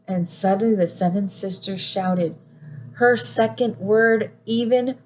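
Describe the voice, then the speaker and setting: A woman teacher reading a picture book aloud to young children, gasping often and pausing to ask them questions. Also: mid-range voice, slight background noise, low-quality recording. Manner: expressive, frequent gasps, asks listeners questions.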